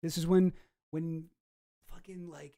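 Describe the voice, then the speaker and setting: A man's voice: fairly high pitch, little pitch movement, measured pace, vocal fry, mellow. A man from Canada, hosting a casual reaction commentary and ranting profanely with frequent restarts. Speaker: commentary host.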